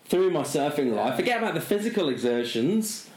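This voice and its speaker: A man's voice: fairly high pitch, big pitch swings, fairly quick, reverberant. A middle-aged man, co-hosting a casual chat and telling a long self-mocking story, full of fillers. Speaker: podcast co-host.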